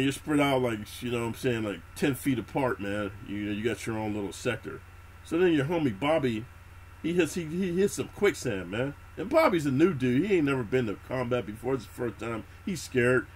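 A middle-aged man who hosts a YouTube prison-story channel tells his viewers prison and military stories in a fairly high, slightly rough voice. His unscripted, casual monologue is full of heavy street slang and constant swearing, and he calls the listener "homie."

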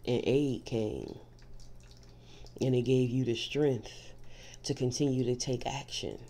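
A woman's voice: a bass voice, slow pace, warm tone. A woman doing a spiritual tarot reading, speaking straight to the listener in an emphatic, reassuring way and often starting points with "see.". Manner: emphatic, repeats "see" to drive points home; reassuring, direct address to the listener. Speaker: tarot reader.

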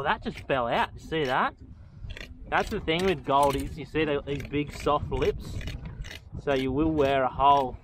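A man giving chatty, excitable commentary as he fishes from a small boat, talking to the fish and to his viewers. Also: a little high, a little slow. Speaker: fishing vlogger. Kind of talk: casual commentary while fishing. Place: outdoors on a small boat on the water. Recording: outdoor boat and water noise.

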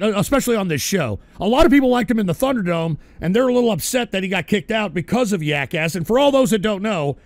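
A man hosts an online awards segment, swearing and ranting. His voice is high and gravelly, and it swings widely in pitch. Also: dry recording. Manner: profane, shouty, animated. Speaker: online show host.

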